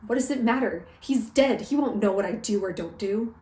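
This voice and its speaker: A woman voicing a grieving, reckless young man who talks in a flat, despairing way, in a book recap. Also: mid-range voice, moderate pace, echoey room, lightly acted.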